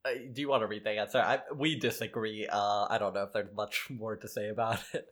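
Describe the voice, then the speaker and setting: A man's voice: on the low side, steady tone, brisk, a bit bright. A man co-hosting a podcast in casual chat, wry and blunt, laughing along. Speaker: podcast co-host.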